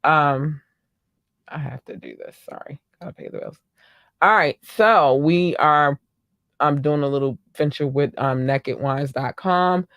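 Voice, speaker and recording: A woman hosting her own podcast, chatting casually and gushing with excitement as she greets listeners. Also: low voice, measured pace, dry recording, lo-fi sound. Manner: gushing, excitable, squeals in delight. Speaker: podcast host. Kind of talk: casual solo podcast chat.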